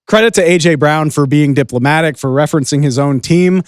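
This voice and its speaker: A man's voice: a little high, brisk, clean tone, no room sound, studio quality. A man hosting a sports podcast, giving enthusiastic, opinionated casual commentary.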